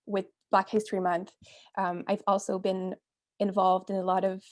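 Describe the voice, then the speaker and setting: A young woman from Quebec speaks on a video call panel in an earnest, halting way, pausing often with fillers. Her pitch sits in the middle for a woman. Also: level tone. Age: young adult.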